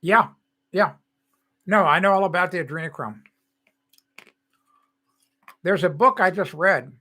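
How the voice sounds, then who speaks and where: A man in his sixties from the United States, hosting a live stream with a bright, forceful voice that sits a little high for a man. He rambles casually and breaks off to answer chat comments. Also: measured pace.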